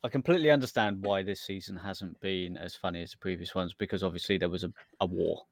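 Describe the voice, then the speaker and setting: A man co-hosting a podcast in casual chat, halting with many restarts. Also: sits low, a little hiss or hum. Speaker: podcast co-host.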